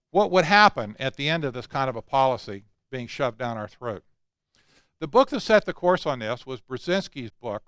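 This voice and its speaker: A man's voice: medium pitch, fairly bright tone, clear, resonant tone, no room sound. An older man speaking at a conference, emphatic and conversational, with asides. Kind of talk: lecture talk.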